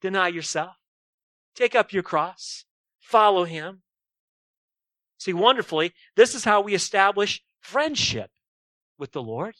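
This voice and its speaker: A man's voice: sits high, sing-song, unhurried, pauses often, pushed and bright, dry recording. A man preaching a sermon emphatically, often posing rhetorical questions to his listeners.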